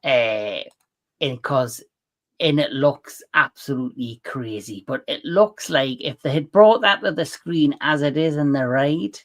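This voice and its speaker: A man's voice: mid-range voice, a little slow. A Geordie man hosts a casual live panel, chatty and blunt, telling stories at length in an easy, conversational way. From Newcastle, England. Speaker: livestream host.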